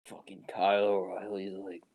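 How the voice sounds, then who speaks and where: A man's voice: sits low, monotone, normal speed, gravelly, a little mellow, rough recording. A young man co-hosting a podcast, chatting casually and joking loosely, laughing often. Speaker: podcast co-host. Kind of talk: casual chat.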